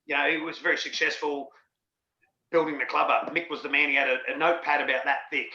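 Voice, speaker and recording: A man's voice: fairly high pitch, steady tone, quick pace, pushed and bright. A middle-aged Australian man telling rambling, candid stories as an interview guest, swearing freely. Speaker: interview guest, former rugby league player. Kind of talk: candid storytelling. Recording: dull lo-fi sound in an echoey room.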